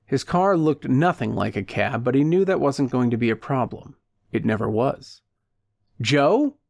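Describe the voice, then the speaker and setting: A male audiobook narrator with a mid-range voice, reading a dark short story in a steady, even way. The recording is dry and close, with no room sound. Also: mid-range voice, normal speed, gravelly, dry recording. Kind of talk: scripted narration.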